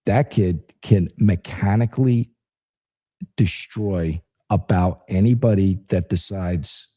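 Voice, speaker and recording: Middle-aged guy on a podcast, low mellow voice, frank salty storyteller. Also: takes it slowly. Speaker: podcast guest, former federal agent. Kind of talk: casual storytelling interview.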